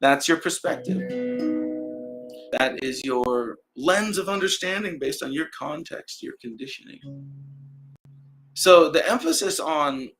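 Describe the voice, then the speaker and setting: A man casually streaming bright, chatty Aussie guy. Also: fairly high pitch, expressive, unhurried, pauses often, faint music behind, low-quality recording. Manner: loose, chatty, laughs and trails off; many fillers and restarts. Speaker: live-stream host. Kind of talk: casual rambling live stream.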